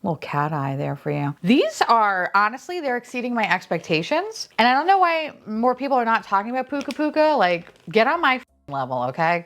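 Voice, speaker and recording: A young woman chats through a toy unboxing with a very lively, bouncing pitch. She gushes and coos at each little toy, then drops into low, dry asides peppered with playful swearing. Her talk stays casual and chatty throughout. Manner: swings between high squeals and low asides. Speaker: unboxing vlogger.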